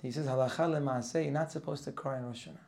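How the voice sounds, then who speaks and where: A man's voice: mid-range voice, steady tone, rapid-fire. A man teaching a Torah class for Rosh Hashanah, reading Hebrew verses and translating them line by line. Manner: reads Hebrew verses and translates each, rising and louder as he goes.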